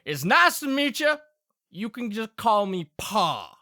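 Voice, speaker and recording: A man's voice: high voice, sing-song, takes it slowly, sharp tone, no room sound, studio quality, pitched above the performer's own voice, exaggerated voice. A man voicing a burly, balding older farmer father with a Southern accent, folksy and hearty.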